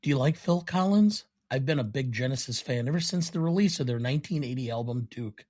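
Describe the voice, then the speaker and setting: A man on a podcast reading film quotes as a smug, cold male yuppie killer in a flat, deliberate way. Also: mid-range voice, close to an everyday voice.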